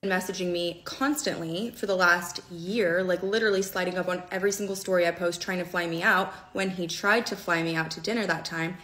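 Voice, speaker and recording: A woman's voice: on the low side, steady tone, brisk, hardly any pauses, a bit bright. A woman recounting a personal story in a conversational way, often checking in with "okay?".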